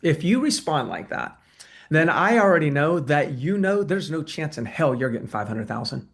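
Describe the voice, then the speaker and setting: A man's voice: a little high, sing-song, normal speed, creaky. A man coaching real estate agents in a webinar, talking conversationally and acting out sales calls. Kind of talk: webinar presentation and Q&A.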